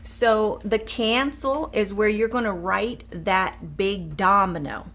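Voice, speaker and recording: A middle-aged woman coach who speaks straight to her viewers with upbeat encouragement and leads a short eyes-closed exercise in a softer voice. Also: medium pitch, slow. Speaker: mindset coach. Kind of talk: live coaching demonstration.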